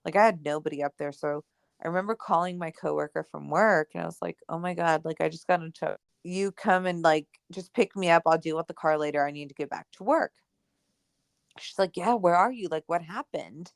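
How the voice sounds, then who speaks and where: Gravelly-voiced woman telling a story. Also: lowish voice, brisk, dry recording, clean studio sound. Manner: animated, acts out quoted dialogue, many "like" and "right?". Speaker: podcast co-host. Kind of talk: casual storytelling chat.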